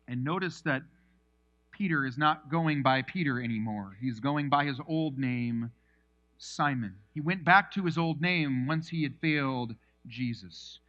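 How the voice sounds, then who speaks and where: A male pastor preaching a sermon, telling the story with animated energy and acting out the scenes. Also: fairly high pitch, dull audio.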